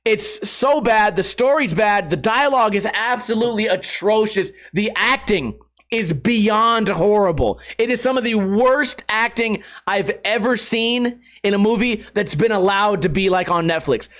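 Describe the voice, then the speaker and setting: High-voiced male host, sarcastic, swears a lot, loose casual rant. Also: measured pace. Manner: profane, sarcastic, animated. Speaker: podcast host.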